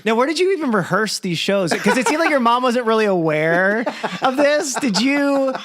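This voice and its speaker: A man's voice: very high voice, big pitch swings, moderate pace, a bit bright. Chatty man hosting a podcast. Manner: curious, chatty questions. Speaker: podcast host. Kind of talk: casual interview.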